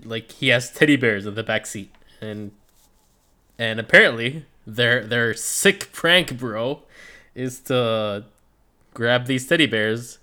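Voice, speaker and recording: A man's voice: mid-range voice, slow pace, long pauses, pushed and bright. A man co-hosting a casual podcast, recapping a fight show in a laid-back way, swearing freely and trailing off. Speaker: podcast co-host.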